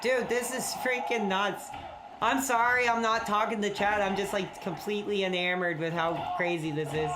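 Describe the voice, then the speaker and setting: Excitable man streaming a game. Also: high voice, moderate pace, background noise. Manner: excitable, loud outbursts, rambling. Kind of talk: excited gameplay commentary.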